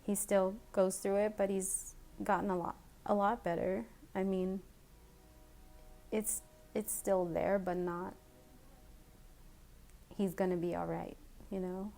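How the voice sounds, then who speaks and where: A woman speaks to her viewers in a heartfelt personal video message. Her voice stays flat and even in pitch while she talks in a halting, emotional way, often stopping and starting again. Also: gravelly. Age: adult with children. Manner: emotional, halting, grateful, with fillers and restarts. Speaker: vlogger.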